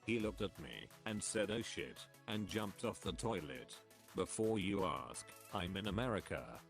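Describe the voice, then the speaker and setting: Low-voiced man reading forum stories. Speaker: narrator reading online posts.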